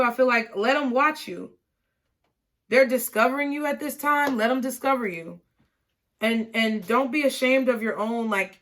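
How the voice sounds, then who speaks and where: A woman's voice: on the high side, a bit bright. A woman giving a casual, encouraging tarot reading to her viewers, often checking in with "okay?". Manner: encouraging, repeats words, many "okay?" asides. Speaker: tarot reader.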